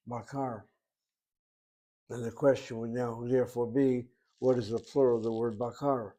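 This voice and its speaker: A man's voice: medium pitch, dark tone. A man giving a classroom lecture on Hebrew grammar, methodically spelling out vowels and letters at the board. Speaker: Hebrew teacher.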